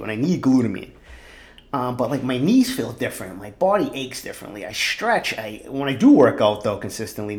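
A man in his forties hosting his own podcast, talking candidly and swearing often, with animated outbursts. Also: mid-range voice. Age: 40s. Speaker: podcast host. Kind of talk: casual solo podcast monologue.

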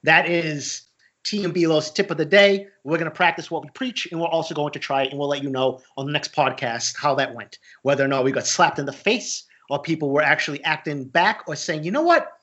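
Man, podcast co-host, bright tense voice, fairly high, joking and profane, dull lo-fi sound. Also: a little fast. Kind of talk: casual podcast chat.

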